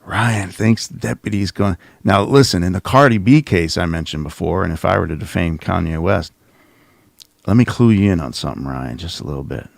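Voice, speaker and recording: A man's voice: deep voice, expressive, fairly quick, vocal fry, no room sound, studio quality. A man hosting a video that reacts to clips, mocking and sarcastic, often restarting his sentences. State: coughing. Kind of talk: casual commentary.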